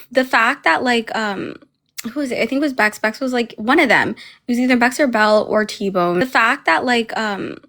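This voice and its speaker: A woman with a fairly high voice tells animated stories in a casual panel chat. She swears freely and leans on slang. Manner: animated storyteller, slangy, profane.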